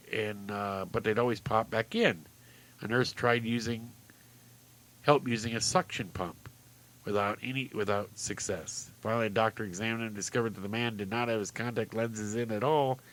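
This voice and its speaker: A man's voice: on the low side, steady tone, moderate pace, fairly bright tone. Chuckling male talk-radio host. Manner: chuckling often, loose and rambling. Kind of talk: casual talk-radio storytelling.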